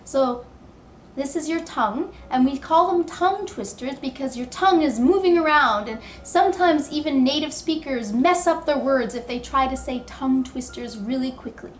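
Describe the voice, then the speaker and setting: A woman teaching English pronunciation, drilling words with slow, deliberate, exaggerated enunciation. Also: sits high, roomy sound, a little hiss or hum.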